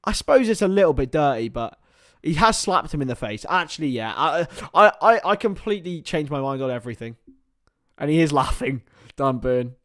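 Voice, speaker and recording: Young guy doing live match commentary on stream, kinda high voice, dry close mic, lots of ums. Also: brisk, no room sound. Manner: excitable play-by-play, drops to mumbled asides with fillers. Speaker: watchalong host and commentator.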